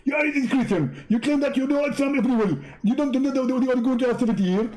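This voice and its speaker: A man with an Arabic accent mocking an impatient male preacher who snaps at a visitor in a shrill, exasperated voice. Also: fast talker, darkish tone. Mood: irritated.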